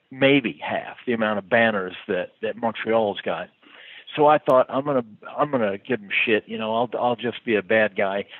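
A man's voice: mid-range voice, no echo. A man who toured as a musician, telling a rambling, chuckling road story full of fillers. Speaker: touring musician. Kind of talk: casual anecdote telling. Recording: tinny phone-like line.

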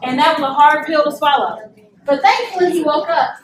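A young woman with a high voice speaks briskly as she gives a lively motivational talk at a parent event, held in a meeting room before a live audience. Animated, she acts out voices and asks the crowd to respond. The recording is echoey, with a distant mic and faint noise.

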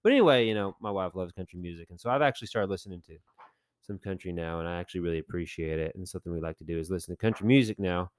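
Guy on a podcast rambling thru a story, smooth clear voice, dry close mic. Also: low voice, racing, no echo. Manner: rambling, animated storyteller with many fillers. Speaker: podcast co-host. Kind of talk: casual storytelling chat.

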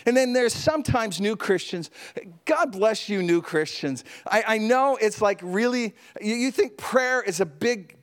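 A male pastor delivering a sermon in a notably high voice. He preaches in an animated, storytelling way, with chatty asides and laughs.

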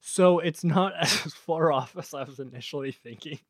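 A man's voice: on the high side, moderate pace, dry recording. A man co-hosting a comedy podcast, laid-back and dry, laughing easily at his partner's ideas. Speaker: podcast co-host. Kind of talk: comedic brainstorming chat.

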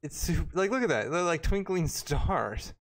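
A man's voice: on the high side, lively intonation, moderate pace. A man chatting casually during a game stream, laid-back and rambling in his banter. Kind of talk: casual gaming chat.

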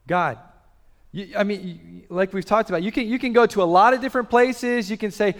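Guy preaching a sermon, bit high voice, gets loud then goes real quiet, big echoey hall. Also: a little fast. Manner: swings between loud urgent bursts and quiet drops. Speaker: pastor. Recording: long reverb of a large hall.

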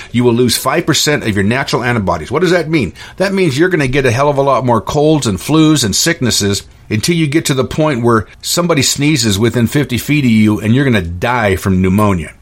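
A middle-aged man and store owner ranting in a monologue on his own show, indignant and stumbling over restarts. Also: mid-range voice. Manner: indignant, repetitive, stammering restarts. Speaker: podcast host and store owner.

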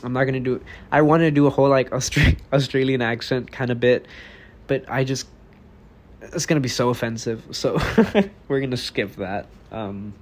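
A man's voice: medium pitch, normal speed. An eighteen-year-old man from Texas hosting his own podcast, talking alone in a rambling, blunt, profane way. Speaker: podcast host. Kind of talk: casual solo podcast monologue.

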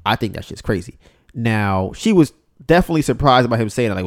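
A man's voice: mid-range voice, lively intonation, a little fast. A man hosting a casual podcast, talking bluntly with plenty of swearing and often acting out what other people said. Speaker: podcast host.

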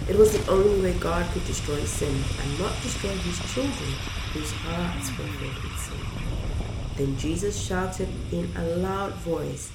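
A woman reads a children's storybook aloud with an earnest, heartfelt delivery. Her voice is low and gravelly and she takes her time, in a room with a clear echo. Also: very noisy. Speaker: parent reading to listeners. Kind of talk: storybook reading. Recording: roomy echo.

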